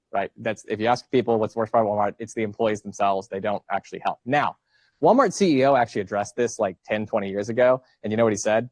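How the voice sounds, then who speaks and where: A man's voice: medium pitch, darkish tone, no echo. A man in his thirties, a college professor giving a casual lecture, joking and asking his students questions. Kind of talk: classroom lecture with student banter. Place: classroom.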